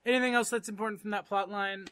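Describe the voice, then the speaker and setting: A young man with a high, bright voice co-hosts a casual podcast. He recaps scenes loosely, laughs often and slips into quick voices for the characters. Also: steady tone, clear, resonant tone, no echo, clean studio sound. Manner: laughing often, acting out quotes in put-on voices. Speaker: podcast co-host. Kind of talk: casual chat recapping a TV episode.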